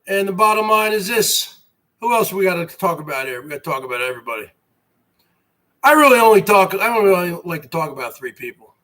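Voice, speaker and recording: A man's voice: sits high, very animated, fairly quick, pushed and bright. A man hosting an online show, delivering a mocking, repetitive rant at rivals and calling them brother. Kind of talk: ranting monologue to viewers.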